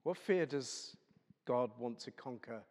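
Chatty preacher, echoey hall. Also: male voice, medium pitch, expressive, slow pace, a little mellow. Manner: chatty, humorous, storytelling. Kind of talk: sermon.

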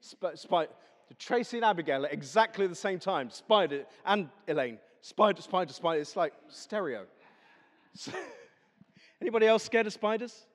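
A man's voice: sits high, expressive, normal speed. A man preaching a chatty, humorous sermon, telling stories to a congregation. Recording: echoey hall.

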